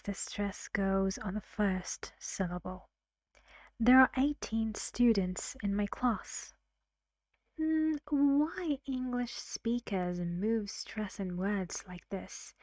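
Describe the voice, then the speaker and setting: A woman teaching English pronunciation in a recorded lesson, speaking carefully and often dropping to a soft whisper. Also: medium pitch, no room sound.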